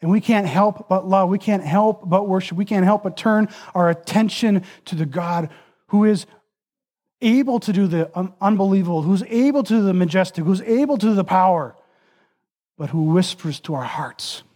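A male preacher with a high-pitched voice delivers an impassioned sermon. He stacks repeated phrases into building lists, then sinks to a hushed, almost whispered voice to land a point. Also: moderate pace. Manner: dramatic drops to a soft, near-whispered voice for emphasis.

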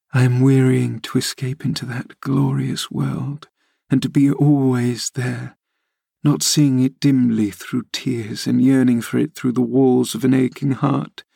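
A man's voice: medium pitch, vocal fry, dark tone, husky, no room sound, clean studio sound, heavily acted. A man voicing a dying young woman, bitter and yearning, pleading with feverish passion.

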